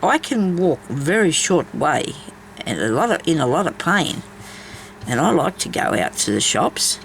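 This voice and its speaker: A woman's voice: low-pitched, big pitch swings, moderate pace, creaky, a little hiss or hum, poor audio. A woman chats casually while she embroiders, rambling from story to story with many asides. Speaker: craft vlogger.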